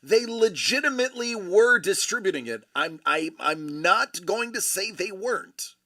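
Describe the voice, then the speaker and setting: An American man with a fairly high, bright voice chats casually on his stream. His talk rises and falls a lot as he rambles and jokes. He pads his sentences with fillers and restarts. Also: lively intonation, measured pace. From United States. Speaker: livestream host and father.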